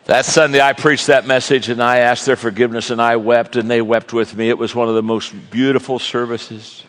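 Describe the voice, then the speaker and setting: A man preaching a sermon, telling stories with lively energy and acting out the people in them. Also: medium pitch, fairly quick, big-room sound. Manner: animated storytelling, acting out characters. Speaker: guest speaker.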